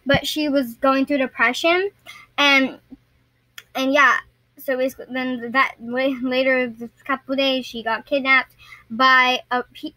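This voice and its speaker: Young woman vlogging, bright kinda sharp voice, keeps stuttering and restarting. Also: sits high, steady tone, unhurried, no echo, poor audio. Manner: rambling, stumbles and restarts often. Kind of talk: casual storytelling to camera.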